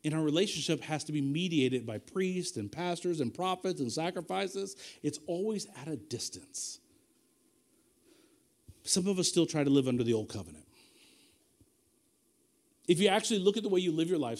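Male pastor, high and lively, sermon with animated storytelling. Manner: animated storytelling with emphatic repetition.

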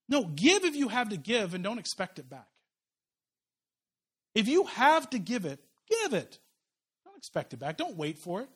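A man's voice: very high-pitched, big pitch swings, fairly quick. A man preaching a conversational sermon as a pastor, impassioned and emphatic, often restarting his sentences.

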